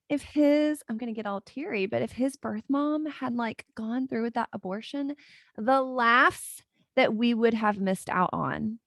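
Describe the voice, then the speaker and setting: A woman's voice: a little high, vocal fry, dry recording, studio quality. Chatty woman in her forties. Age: 40s. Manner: chatty and storytelling, laughing often. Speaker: podcast host, life coach. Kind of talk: casual solo podcast chat.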